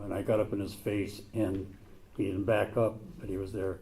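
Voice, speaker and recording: A man's voice: fairly low pitch, normal speed, gravelly, warm tone, slight background noise. An older man telling his own recovery story to a group, blunt and plain-spoken, with some mild swearing. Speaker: recovery meeting speaker.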